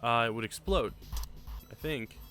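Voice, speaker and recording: A man on a live stream works through a puzzle game, reading lines aloud in a voice of ordinary pitch. He grumbles and curses casually between clues, with the game's music clearly audible under his voice. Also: lively intonation, measured pace. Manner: reads game dialogue aloud, mutters and curses in frustration. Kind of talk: casual let's-play commentary.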